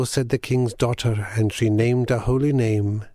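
A man reading a fable aloud as a scripted narration, measured and solemn. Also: medium pitch, fairly even intonation, mellow, no echo, clean studio sound.

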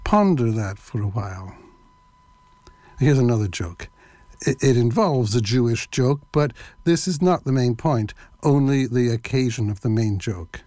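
A male lecturer explains in a measured, steady manner, with a mellow, darker tone. The recording is dry and close, with no room sound. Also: medium pitch, no echo. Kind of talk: lecture introducing a clip.

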